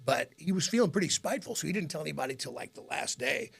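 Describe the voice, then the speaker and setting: He talks fast, his voice on the high side with vocal fry and a breathy edge. A middle-aged Midwestern American, he's host and guest in a casual radio interview, telling lively stories, voicing the people he quotes, and laughing often.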